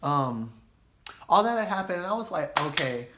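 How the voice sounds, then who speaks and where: A young man tells a wild storytime to his vlog audience, loose and profane. His voice sits a little high for a man, and he acts out every line of dialogue. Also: normal speed, noisy background. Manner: animated, profane storytelling with acted quotes. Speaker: vlogger.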